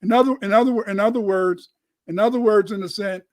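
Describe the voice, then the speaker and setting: An older American man from the United States, here as a guest scholar, rambles through casual livestream talk in a high-pitched, fairly quick voice. The recording is dry, and he repeats words and cusses now and then.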